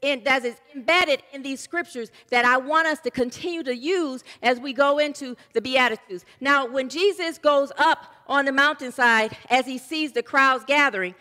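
A woman's voice: high-pitched, normal speed, few pauses. A woman pastor giving a sermon in a church, chatty and loose, often restarting her sentences. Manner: warm conversational preaching with loose restarts. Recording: long hall reverb.

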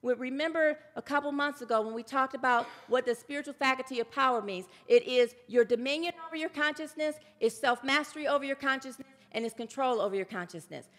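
A woman delivers an emphatic sermon in a high, bright voice. She presses her points and now and then calls on listeners to answer aloud. A long reverb trails her words through the hall. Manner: emphatic, calls for congregation response. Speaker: preacher.

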